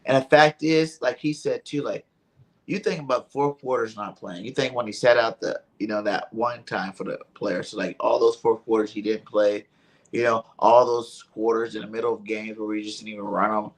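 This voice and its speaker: A man co-hosts a casual sports podcast. He talks in an animated, slangy way, spinning stories about the game. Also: on the low side, normal speed, low-quality recording. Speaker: podcast co-host.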